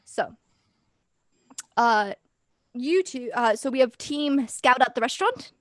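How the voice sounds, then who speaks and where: A woman's voice: sits high, animated, slow pace, no room sound. A woman narrating as game master for a tabletop game, chatty and self-deprecating, on a close mic.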